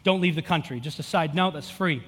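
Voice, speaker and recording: In a large church hall whose long reverb tail trails his words, a pastor in his thirties preaches in a fairly high, husky voice at a fairly quick pace. Earnest storytelling starts out relaxed and builds to fervent, climbing passion.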